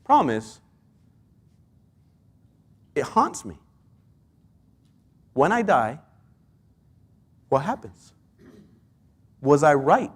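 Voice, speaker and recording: Earnest, high-voiced male preacher. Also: very animated, drawn-out words, long pauses, slightly rough. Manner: earnest, full of rhetorical questions. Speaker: pastor. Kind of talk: sermon.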